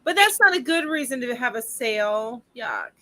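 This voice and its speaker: A woman co-hosting a casual crochet livestream over a video call, chatty and quick to laugh. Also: a little high, lively intonation, bright, forceful tone, dry recording. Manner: bubbly, laughs often, chatty asides.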